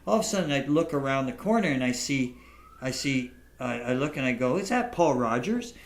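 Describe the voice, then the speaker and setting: A man hosting a podcast, talking in a halting, casual way with frequent restarts and laughter, telling stories to his guest. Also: mid-range voice, animated, reverberant. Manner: halting, repeats words, laughs often. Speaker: podcast host. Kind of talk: casual interview chat and storytelling.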